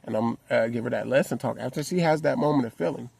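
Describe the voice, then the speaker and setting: A man's voice: medium pitch, quick pace, gravelly, darkish tone, breathy edge. A man in a parked car, talking earnestly and heartfelt to his viewers in a casual, conversational way. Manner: earnest, heartfelt, conversational with frequent "you know what I'm saying". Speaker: vlogger. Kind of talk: reflective personal talk to camera.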